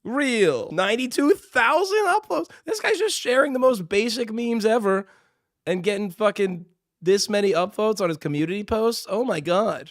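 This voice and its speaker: Guy streamer roasting videos, kinda high voice, dry close sound, swears a lot. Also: normal speed, no echo. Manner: mocking, animated, swears freely. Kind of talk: casual live-stream commentary.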